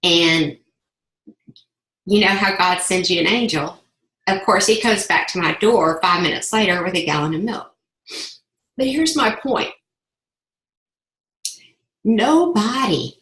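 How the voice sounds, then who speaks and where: A sales ambassador, a middle-aged woman with a mid-range, fairly bright voice, shares a heartfelt personal testimony. She repeats phrases for emphasis, and the recording carries a noticeable echo.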